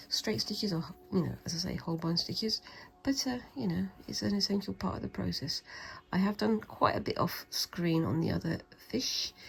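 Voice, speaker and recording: A British craft vlogger makes casual, slightly rambling conversation during her stitching, with self-mocking humour and moments of soft speech. Her voice is fairly low and creaky. The recording is rough.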